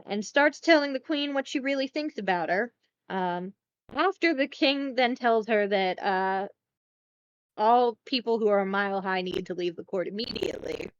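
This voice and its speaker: Recapping a film on her podcast, a woman rambles in a chatty way, swearing at times and correcting herself amid fillers. Her medium-pitched voice sounds clean with no room sound, but the audio is dull.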